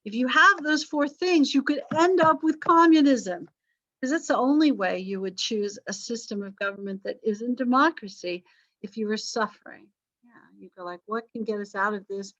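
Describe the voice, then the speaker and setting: This history teacher's voice sits fairly high and moves at a normal speed, with a fairly bright tone captured in lo-fi sound. Her lecture is conversational, dotted with self-corrections and playful jokes, and vocal cord damage leaves her sounding a bit strained.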